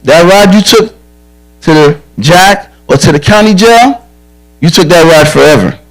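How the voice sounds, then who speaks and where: At a church camp, a police officer gives young campers a safety talk, speaking plainly and earnestly and mixing blunt advice with stories from his own life. His voice sits a little higher than most men's, and he talks unhurriedly, directly, and frankly, driving each point home, though the audio is poor.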